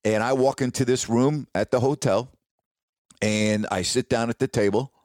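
A sportscaster telling a personal career story in a casual, animated, ad-libbed way. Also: male voice, mid-range voice, moderate pace, no echo, studio quality. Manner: casual, animated retelling with ad-lib restarts.

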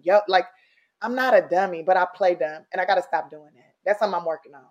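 A woman guest speaking bluntly and candidly in a casual interview, animated and salty, mimicking people as she goes. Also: mid-range voice, fast talker, lo-fi sound.

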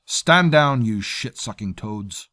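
A man's voice: mid-range voice, moderate pace, voice pushed up, lightly acted. A man playing a menacing mercenary captain. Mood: commanding. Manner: menacing, commanding.

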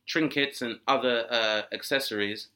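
Animated comedian, bright voice. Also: male voice, moderate pace. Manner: animated storytelling, jumps into high-pitched voices for characters. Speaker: comedian guest. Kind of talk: comic riffing with voiced characters.

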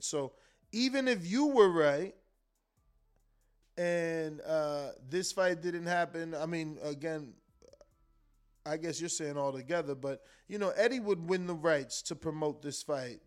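A man with a fairly high voice talks boxing on his live stream, reading comments aloud and arguing back. He speaks in a relaxed, offhand way, swearing now and then and tripping over his own words as he thinks aloud. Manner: loose and conversational, swears, repeats words, argues with the chat. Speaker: live stream host reading super chats.

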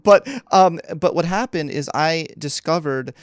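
A man from the Philadelphia area telling stories as a podcast guest, laughing often and jumping up in pitch when he quotes people. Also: unhurried, dry recording, studio quality. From Philadelphia area, United States. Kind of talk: animated storytelling in a podcast interview.

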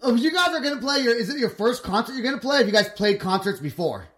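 A man from California with a high, lively voice, chatting casually on a podcast. He talks animatedly and breaks into laughter often. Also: fast, a crowd in the background. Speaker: podcast co-host. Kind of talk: casual chat.

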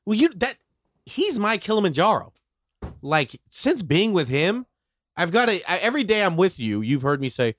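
A man with a fairly high, lively voice gushes enthusiastically and swears freely as a podcast guest. The sound is dry and close. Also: normal speed, no room sound. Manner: enthusiastic, profane. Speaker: comedian guest. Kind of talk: casual podcast chat.

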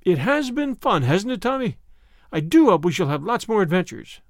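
A man voicing a lively young woman who is playful and teasing, in a bright, coaxing manner. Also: high-pitched, moderate pace, no echo, clean studio sound.

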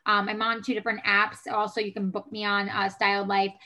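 A woman's voice: medium pitch, flat delivery, a little fast, bright, forceful tone. A woman with a New York accent, a guest on a podcast, chatting in a friendly upbeat way with many fillers. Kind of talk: casual interview chat.

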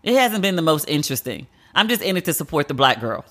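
Bright-voiced, outspoken woman podcaster. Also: sits low, sing-song, fast talker. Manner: candid, opinionated, slangy. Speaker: podcast host. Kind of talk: solo podcast chat. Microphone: podcast mic.

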